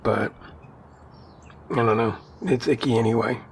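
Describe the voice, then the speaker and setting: A man with a mid-pitched voice chatting loosely on a podcast, rambling and often laughing. There is faint hiss behind him. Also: a little slow. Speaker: podcast co-host. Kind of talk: casual conversation.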